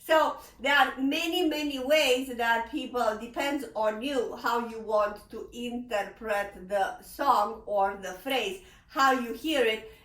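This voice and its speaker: Slow-talking piano teacher woman in an echoey room. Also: fairly high pitch, distant mic. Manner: expressive, sings phrases, laughs often. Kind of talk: piano lesson explanation. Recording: roomy echo, slightly off-mic. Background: piano playing.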